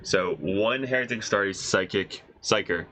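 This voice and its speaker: A man with a congested voice, casually reading out and reacting to game rules as a host, excited and swearing, thinking aloud. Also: fairly low pitch, measured pace, a little hiss or hum, poor audio. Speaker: wargaming video host reviewing rules.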